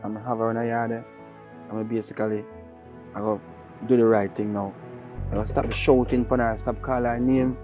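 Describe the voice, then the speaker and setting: A man's voice: mid-range voice, level tone, a little fast, pauses often, lo-fi sound, faint music behind. Earnest Jamaican man talking patois. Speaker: younger brother. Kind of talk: Jamaican comedy-drama skit.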